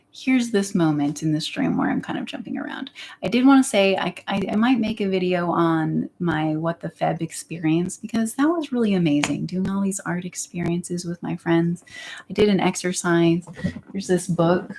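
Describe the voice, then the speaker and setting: A woman's voice: fairly low pitch, normal speed, darkish tone. A young woman chatting candidly on her livestream, rambling and sometimes dropping into a whisper. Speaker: YouTuber. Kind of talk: casual livestream chat.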